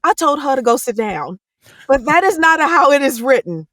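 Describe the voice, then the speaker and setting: A woman's voice: high-pitched, very animated, moderate pace, a bit bright, no room sound, clean studio sound. A woman audiobook narrator speaking as a podcast guest, earnest and passionate, with careful diction. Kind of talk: candid podcast conversation.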